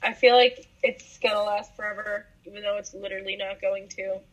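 A teenage girl co-hosting a casual podcast chat, making quick teasing remarks. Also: medium pitch, fairly even intonation. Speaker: podcast co-host. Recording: dull lo-fi sound.

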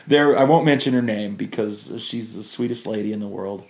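A man guesting on a podcast, telling lively stories in an animated way, laughing often and restarting his sentences. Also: fairly low pitch, unhurried, breathy edge. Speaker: podcast guest, former missionary. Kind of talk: casual storytelling interview.

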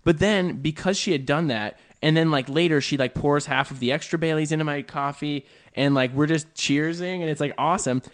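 A man co-hosting a podcast, telling stories in an animated, rambling way. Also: a little high, fairly quick, few pauses. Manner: animated storytelling, lots of fillers. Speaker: podcast co-host. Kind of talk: casual podcast chat.

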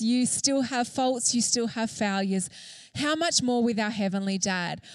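Una mujer joven predica con entusiasmo y franqueza, con muchas muletillas y frases sueltas. Su voz es algo aguda y seca, sin eco de sala. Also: female voice, fairly high pitch, no room sound. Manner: earnest and enthusiastic, many fillers. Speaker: church speaker. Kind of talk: sermon.

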